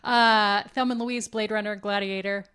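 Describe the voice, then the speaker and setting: A woman's voice: mid-range voice, fairly even intonation, moderate pace, a bit bright, smooth. Woman reading off film facts. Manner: reads off facts, laughs lightly. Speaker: podcast co-host presenting film facts. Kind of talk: casual chat.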